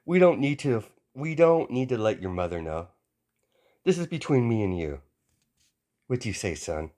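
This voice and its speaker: A man voicing an easygoing, wry father who talks in a relaxed, dry way, in an amateur fan story. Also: mid-range voice, moderate pace, voice pushed up, natural voice. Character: laid-back smoking father, easygoing and wry.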